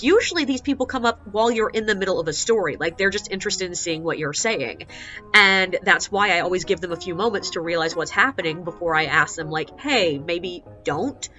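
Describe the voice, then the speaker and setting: A woman working as a ghost tour guide, telling stories in a casual, sarcastic, animated way and acting out the quotes. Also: mid-range voice, muffled recording. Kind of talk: casual storytelling vlog.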